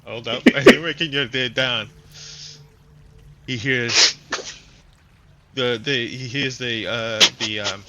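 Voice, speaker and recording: Guy running a tabletop game, lots of uh and um, mid voice, noisy audio. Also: mid-range voice. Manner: halting, filler-heavy narration. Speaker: game master.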